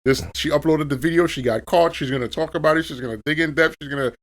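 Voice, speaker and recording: A man's voice: a little high, fast talker. Emphatic, profane podcast man. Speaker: podcast co-host. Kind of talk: casual podcast chat.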